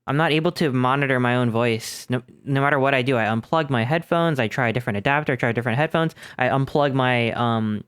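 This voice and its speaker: Young man, live streamer, casual rambling chat, self-deprecating, desk microphone at home, dry close sound, mid pitch. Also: fast, few pauses, a bit bright, clean tone, dry recording. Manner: rambling, chatty, self-deprecating, with many restarts. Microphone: desk microphone through an audio interface.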